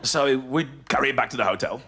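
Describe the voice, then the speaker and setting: A man's voice: mid-range voice, quick pace, crowd noise, background noise. A man in his thirties with a Birmingham accent, telling stories on stage in a live stand-up show, switching into character voices. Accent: Birmingham English. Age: 30s. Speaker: stand-up comedian. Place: large theatre stage. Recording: loud audience laughter over live stage mic.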